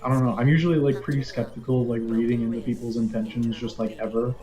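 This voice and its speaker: A man's voice: mid-range voice, steady tone, fast talker, mellow. A young man chatting casually on a stream, rambling and hedging with lots of "like". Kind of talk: casual chat.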